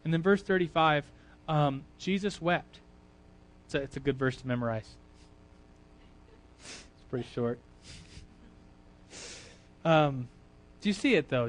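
A man preaching an informal sermon in a chatty, conversational way with frequent fillers. He moves between quiet asides and loud bursts of emphasis. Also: fairly high pitch, expressive, unhurried, long pauses.

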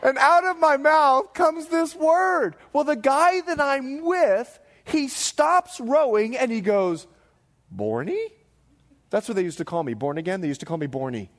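A man in his forties, a pastor preaching a sermon to a congregation with animated storytelling, acting out the voices he quotes. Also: very high voice, normal speed, few pauses. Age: 40s. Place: church hall before a live congregation.

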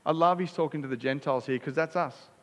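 A man's voice: a little high, fast. A middle-aged Australian man preaching a sermon as pastor, conversational and emphatic, with casual asides to the congregation. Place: church hall. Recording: church hall reverb.

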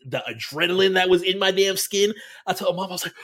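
A man's voice: high voice, quick pace, few pauses, a bit bright, a little hiss or hum. A man from Florida co-hosting a podcast, telling a story in casual chat, swearing and acting out his own reactions. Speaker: podcast co-host.

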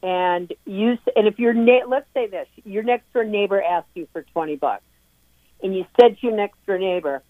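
A woman's voice: mid-range voice, normal speed, no echo. A middle-aged woman, a parent speaking as an interview guest, talking earnestly and emphatically with frequent restarts. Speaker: guest, parent of a recovering addict. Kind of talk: interview talk. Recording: tinny dry phone line.

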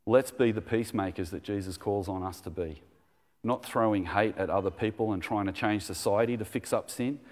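A man's voice: fairly low pitch, a little fast, a little mellow. Male preacher in echoey hall. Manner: conversational, enthusiastic preaching with anecdotes. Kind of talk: sermon.

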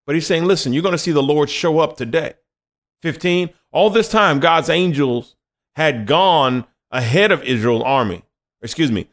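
A young adult man preaching a conversational sermon and reading scripture, acting out quoted voices as he goes. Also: on the high side.

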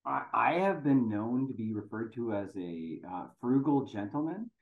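A man's voice: mid-range voice, normal speed, vocal fry. A man co-hosting a podcast in casual chat, joking wryly. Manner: wry, jokey, animated. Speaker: podcast co-host. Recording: tinny phone-like line with echo.

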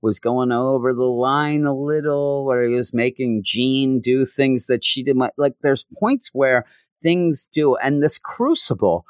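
A man's voice: medium pitch, unhurried, no room sound, studio quality. Rambling man hosting a podcast. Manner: rambling, self-interrupting. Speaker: podcast host. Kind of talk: casual comic book review.

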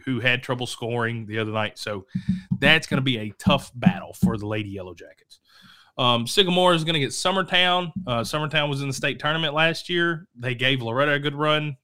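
A man hosting a local high school sports show, talking casually and rambling, correcting himself and coughing now and then. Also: sharp tone. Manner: rambling, self-correcting, chatty. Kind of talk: casual sports talk to camera.

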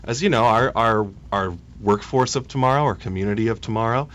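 Searching for words, this radio interview's policy guest, a man in his thirties, keeps breaking off and starting his sentences over in a halting, hesitant way. His voice is mid-range, smooth, resonant, and a touch bright.

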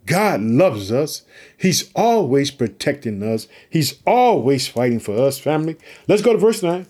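A man with a fairly high voice gives a fervent Bible teaching. He reads scripture aloud and then talks straight to his listeners, calling them family. He keeps coming back to the same short catchphrases between verses. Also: big pitch swings, moderate pace, a little mellow. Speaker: preacher.

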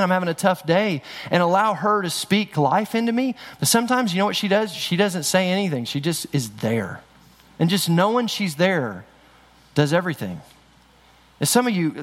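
Preaching to a church sanctuary with long hall reverb, a middle-aged male pastor keeps a conversational tone and frequently starts over. His high voice has lively intonation and a fairly quick pace.

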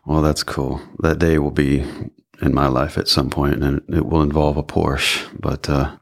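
A man hosting a podcast interview in a studio, relaxed and encouraging, with lots of affirmations. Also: very deep voice, measured pace, gravelly. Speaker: podcast host. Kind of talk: casual interview chat.

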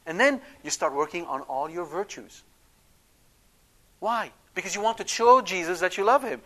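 A man's voice: fairly high pitch, sharp tone. A man giving an emphatic Catholic teaching talk, often checking in with his listeners. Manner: acts out quoted prayers. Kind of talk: catechetical talk.

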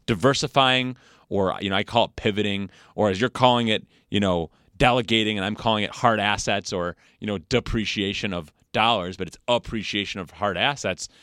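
A middle-aged man hosting a casual interview, animated and jokey, laughing often. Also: lowish voice, a little fast, clean tone, no room sound, clean studio sound. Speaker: podcast host.

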